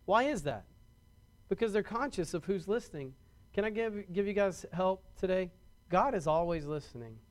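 A man's voice: high-pitched, lively intonation, normal speed. A man preaching a sermon to his congregation in a conversational way, often restarting and repeating words and asking the congregation questions. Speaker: pastor.

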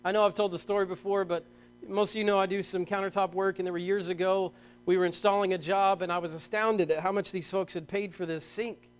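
A middle-aged man preaching a sermon, telling stories with animated, emphatic bursts and reading scripture slowly. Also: high voice, smooth. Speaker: pastor.

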